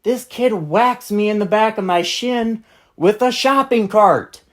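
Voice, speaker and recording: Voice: medium pitch, a little slow. A channel host telling a storytime rant in a blunt, exasperated manner with casual profanity.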